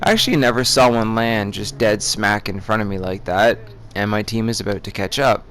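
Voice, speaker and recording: A man's voice: fairly low pitch, a little fast, fairly bright tone. A young man hosting a gaming channel, talking casually over his gameplay in a chatty, rambling way.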